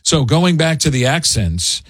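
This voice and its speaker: Man, radio host, lively animated voice, slightly husky, jokey, studio mic. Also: a little high, unhurried, no room sound. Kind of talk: casual morning radio chat.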